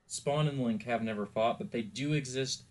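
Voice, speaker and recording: A man's voice: medium pitch, normal speed. A man co-hosting a podcast in casual chat, rambling and laughing easily. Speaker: podcast co-host.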